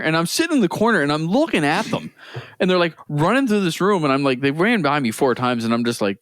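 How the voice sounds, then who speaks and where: Animated storytelling man, lively pitch. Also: fast, no room sound, studio quality. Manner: animated storyteller, acts out voices, laughs often. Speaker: podcast co-host. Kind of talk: casual chat.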